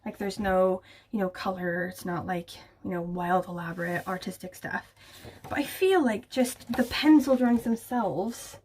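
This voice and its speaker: A woman's voice: medium pitch, moderate pace, a little mellow, slight background noise. A young woman chatting casually to camera about books, gushing and full of filler words. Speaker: book vlogger.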